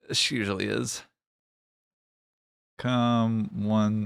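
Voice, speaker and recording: Male streamer, low voice, unhurried teasing banter with chat, dry close sound. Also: vocal fry, dry recording. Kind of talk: casual live-stream chat while gaming.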